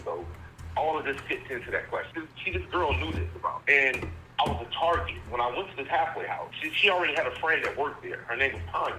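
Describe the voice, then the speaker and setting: A man in his forties from Virginia phones in from prison for a candid interview, speaking plainly, earnestly, and with some rambling. His voice is mid-range, and the background is noisy.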